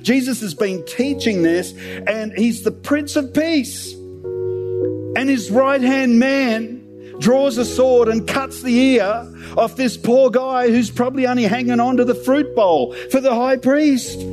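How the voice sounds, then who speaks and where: A man preaching a sermon, retelling scripture in a conversational, humorous way. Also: extremely high pitch.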